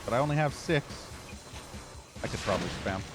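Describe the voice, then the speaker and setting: A man's voice: medium pitch, animated, a little fast, background noise. A man streaming a shooter game, giving live commentary with frequent profane, frustrated rants. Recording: game music and gunfire behind.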